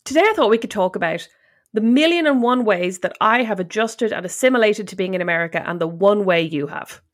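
A woman's voice: medium pitch, lively intonation, brisk. Irish woman, podcast co-host, dry wit, wry comebacks, mid-range voice. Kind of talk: casual chat.

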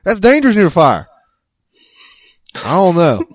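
A man's voice: sits high, huge pitch swings, a little slow, no echo, studio quality, voice pushed up, full character voice. A man doing a jittery fire-fearing guy. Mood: nervous. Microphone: remote call recording.

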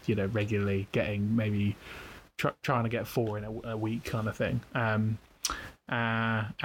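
A man's voice: mid-range voice, slight background noise. A young British man, a comedian guest, chatting casually and telling anecdotes with energy. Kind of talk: casual interview chat.

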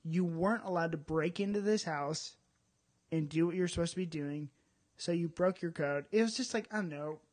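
A man co-hosting a casual podcast chat, talking in an animated way with quick asides. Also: fairly high pitch. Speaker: podcast co-host.

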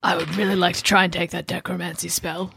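A woman's voice: on the low side, level tone, fast, creaky, a bit bright, a little hiss or hum. Earnest woman reasoning aloud. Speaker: player. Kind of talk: casual tabletop game play.

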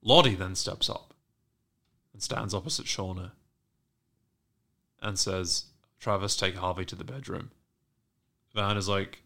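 A man hosting a podcast, recapping a TV episode in casual, profane chat and acting out the characters' lines with animated swings. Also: sits low, unhurried, vocal fry, pauses often. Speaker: podcast host recapping a TV show.

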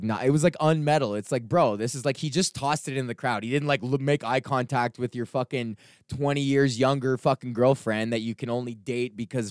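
A young man hosting his own podcast, ranting in a casual, profane, animated way and acting out the people in his stories. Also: mid-range voice, clean tone, no echo, clean studio sound. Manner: profane, animated storytelling with acted-out quotes. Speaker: podcast host.

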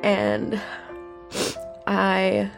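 A woman voicing a devoted adventurer who gives a halting, emotional confession of love. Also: medium pitch, very animated, creaky, faint music behind, voice pushed down, full character voice. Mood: tender.

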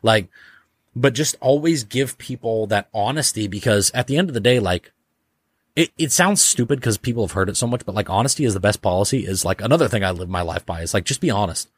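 A man speaking as a podcast guest in a slightly low voice, rambling through loose casual talk full of "like" and offhand swearing. He slips into little acted-out exchanges as he goes. The recording is dry and close, with no room sound. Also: lively intonation, brisk, husky, dry recording. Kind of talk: casual conversation.

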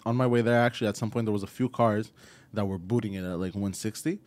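A man's voice: on the low side, steady tone, fast talker, a little mellow. A man in casual comedy podcast banter who rambles and sounds unsure of himself.

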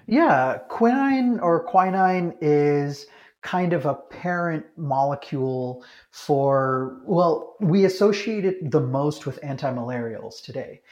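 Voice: medium pitch, lively intonation, slow pace, a little mellow, dull audio. A podcast co-host who laughs often and explains pharmacology casually.

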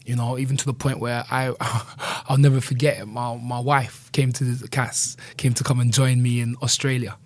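A man's voice: mid-range voice, level tone, moderate pace, hardly any pauses, no echo. A man speaking earnestly and candidly as an interview guest, often adding "you know". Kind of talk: reflective conversational interview.

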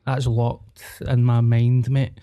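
A man's voice: medium pitch, monotone, takes it slowly, dark tone, lo-fi sound. A man in his thirties with a Glaswegian accent, hosting a podcast in joking, sweary banter with his guests. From Scotland. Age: 30s. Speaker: podcast host. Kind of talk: casual chat.

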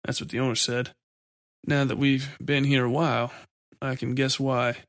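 A man voicing a tired, grim man who talks slowly. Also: mid-range voice, flat delivery, no room sound, clean studio sound, natural voice.

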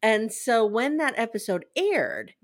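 A woman's voice: a little high, measured pace. Chatty woman podcast host. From eastern United States. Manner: chatty, animated, gossipy. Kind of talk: casual podcast chat.

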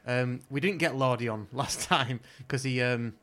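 A man's voice: mid-range voice, normal speed, a bit bright. Man eagerly butting in. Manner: interjects eagerly, repeats himself. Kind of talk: casual chat.

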